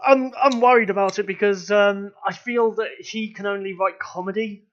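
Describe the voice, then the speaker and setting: A young man with a high voice chats loosely on a podcast, laughing often and swearing easily. The recording sounds dull and lo-fi. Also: steady tone, normal speed, fairly bright tone. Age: young adult. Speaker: podcast co-host. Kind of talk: casual chat. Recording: dull lo-fi audio.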